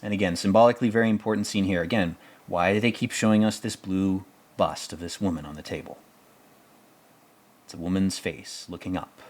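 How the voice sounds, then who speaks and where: A man with a fairly low voice talks through a movie in loose, rambling commentary. He swears freely, stays sarcastic and keeps circling back on his own points. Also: a little fast. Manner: rambling, profane and sarcastic, often laughing. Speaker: podcast host reviewing a film. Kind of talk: casual film commentary.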